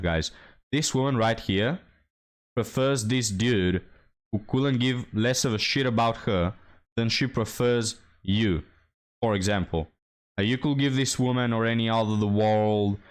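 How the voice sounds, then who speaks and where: A man hosting a reaction commentary, speaking bluntly and addressing his viewers directly. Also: lowish voice. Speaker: commentary channel host.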